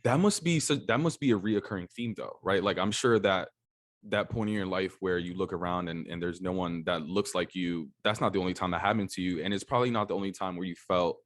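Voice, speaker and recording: A man's voice: low-pitched, fairly quick, no room sound, studio quality. A man hosting a podcast, asking curious follow-up questions in a casual interview. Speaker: podcast host.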